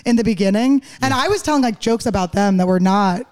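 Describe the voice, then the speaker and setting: A young woman from Philadelphia, a stand-up comedian, telling joking stories in a quick, laughing, casual podcast chat. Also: medium pitch, a little mellow. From Philadelphia, USA. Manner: rapid, joking storytelling with frequent laughs.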